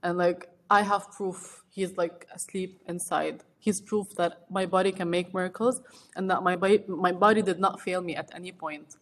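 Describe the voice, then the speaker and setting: A young woman guest on a podcast, telling a personal story in a casual, animated way with restarts and laughter. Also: lowish voice, normal speed.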